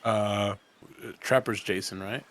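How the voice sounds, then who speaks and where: A man co-hosting a let's play, chatting casually and making deadpan jokes. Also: lowish voice, slow. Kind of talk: casual chat while playing.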